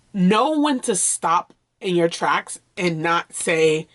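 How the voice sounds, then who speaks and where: A woman's voice: lowish voice, expressive, a little slow. A woman vlogging in a candid, conversational way, earnest and open as she speaks directly to her viewers. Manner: loose and conversational, with fillers and restarts. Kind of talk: candid personal vlog talk.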